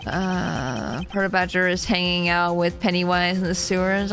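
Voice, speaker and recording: A woman streamer giving live commentary as she plays a game, excitable, laughing, shrieking and swearing. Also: lowish voice, normal speed, soft background music.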